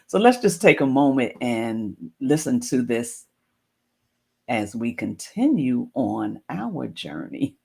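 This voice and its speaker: A woman's voice: a bass voice, big pitch swings, slow, creaky, warm tone, husky. A woman hosting a streamed talk show, reflective and encouraging, with loose, easy phrasing. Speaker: show host.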